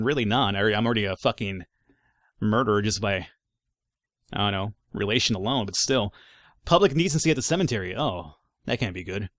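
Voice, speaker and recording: Sarcastic man with lively commentary. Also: mid-range voice, dry recording, clean studio sound. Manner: reads in-game reports aloud, wry and sarcastic asides, swears casually. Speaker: let's play gamer. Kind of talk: casual gameplay commentary.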